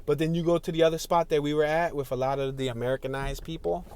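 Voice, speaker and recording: This driving tour vlogger has a fairly high yet darkish, smooth voice with a steady tone and quick pace. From inside a car in city traffic he chats casually about the streets, laughing often and talking to people outside.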